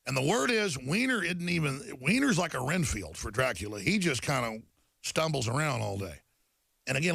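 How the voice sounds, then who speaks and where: A man's voice: fairly high pitch, creaky, fairly bright tone, no echo. A middle-aged man hosting a talk show, delivering a heated, repetitive monologue to viewers while reading headlines.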